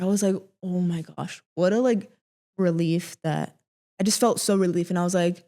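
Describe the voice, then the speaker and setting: A young woman sharing a painful personal story, halting with many fillers and restarts, often dropping to a quiet voice. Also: fairly low pitch. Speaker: guest.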